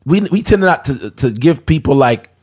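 A man's voice: mid-range voice, lively intonation, moderate pace, darkish tone, slightly rough. Joking, profane man hosting a podcast. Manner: loose, profane, joking and laughing often. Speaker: podcast host. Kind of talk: casual podcast chat.

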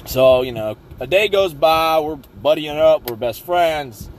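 Slightly high-voiced and lively in his intonation, this young Southern-accented podcast host from Southwest Virginia speaks at a measured pace. He casually rambles through a story at his own expense, with plenty of ums and uhs, over slight background noise.

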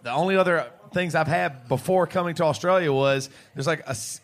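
An American man with a fairly high voice, telling rambling tales at a live pub show. He talks in an animated, laughing way, restarting his sentences as he goes. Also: brisk. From United States. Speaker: podcast co-host and band singer. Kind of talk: live podcast storytelling to a pub crowd.

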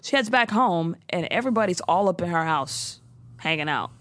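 Woman co-host. Casual recap with a lot of swearing and acted-out quotes. Very animated pitch. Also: normal speed, dry recording. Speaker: podcast co-host recapping a TV show. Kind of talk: casual chat.

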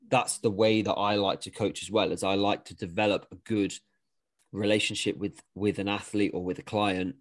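Low-voiced man, frank and rambling. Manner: rambling, frank, swears casually. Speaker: podcast co-host and weightlifting coach. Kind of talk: casual podcast chat.

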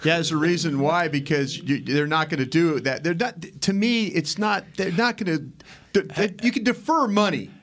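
A man's voice: on the high side, moderate pace, a bit bright. A man hosting sports talk radio, speaking casually and emphatically, often restarting his sentences. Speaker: sports radio host, former team executive.

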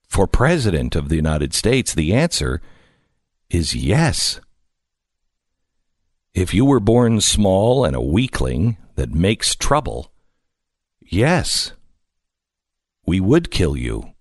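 A male talk show host giving an impassioned commentary monologue, emphatic and slow with dramatic pauses. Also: sits low, big pitch swings, no echo, studio quality.

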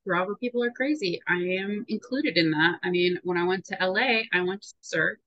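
A woman's voice: fairly low pitch, normal speed, fairly bright tone, no room sound, dull audio. A woman co-hosting a casual pop-culture podcast, chatty and playful, laughing easily. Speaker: podcast co-host. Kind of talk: casual chat.

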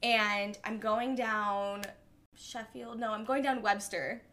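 A woman's voice: medium pitch, steady tone, slow, sharp tone. A young adult woman co-hosting a podcast, telling a story in casual chat and swearing freely. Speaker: podcast co-host.

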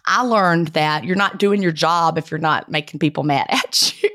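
A woman's voice: deep voice, moderate pace, pushed and bright, dry recording, studio quality. A woman in her fifties with a Southern US accent, chatting as an interview guest and laughing often at herself. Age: 50s. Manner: laughs often, self-deprecating. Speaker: guest author. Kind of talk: casual interview chat.

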